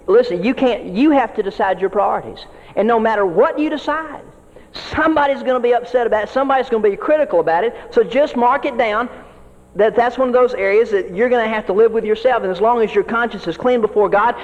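A man's voice: high voice, a little mellow. A man preaching as a pastor, earnest and folksy, often repeating words as he builds each point. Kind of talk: sermon to fellow ministers. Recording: dull audio with long hall reverb.

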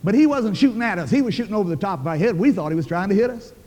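A man's voice: high voice, expressive, very fast, darkish tone, big-room sound. An older man preaching a sermon, telling a story in a folksy, emphatic, colloquial way.

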